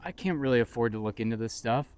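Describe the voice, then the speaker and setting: Co-hosting a casual chat podcast, this man from Massachusetts rambles, jokes, and breaks into mock-dramatic outbursts. His mid-range voice is animated, smooth, and darkish, and he talks fast.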